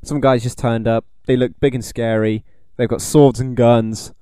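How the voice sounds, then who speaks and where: Man co-host, rapid blunt banter, dark smooth tone, dry close mic. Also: medium pitch, fairly even intonation, dry recording. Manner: quick, blunt and jokey. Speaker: podcast co-host. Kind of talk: casual joking chat.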